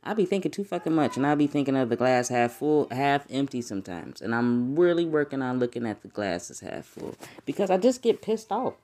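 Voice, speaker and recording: Deep-voiced woman in a laughing casual chat. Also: sing-song, fairly quick, few pauses, mellow, a little hiss or hum. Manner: profane, laughing, rambling. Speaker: podcast host. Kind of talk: casual solo podcast chat.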